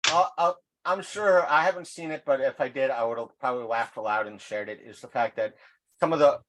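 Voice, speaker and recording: A man's voice: mid-range voice, a little fast, a bit bright. A man co-hosting a podcast, telling rambling anecdotes in casual chat. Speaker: podcast co-host.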